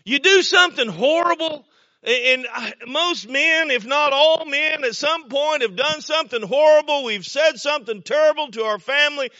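Guy preaching a sermon, real high and bright voice, folksy stories, keeps repeating himself, dull dry sound. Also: normal speed, no echo. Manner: folksy storytelling with repeated words and sudden shouts. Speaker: pastor.

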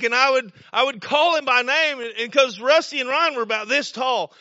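A pastor with a bright, very high male voice tells stories through a folksy sermon at a moderate clip, hardly pausing at all. He repeats words and bursts into shouts for emphasis, and the sound is dry, slightly muffled, and free of room sound.

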